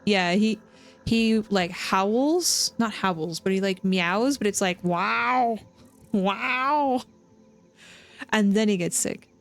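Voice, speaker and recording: A woman's voice: mid-range voice, measured pace. A woman live streamer chatting casually with her viewers while she plays, rambling and often restarting her sentences. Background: faint game music.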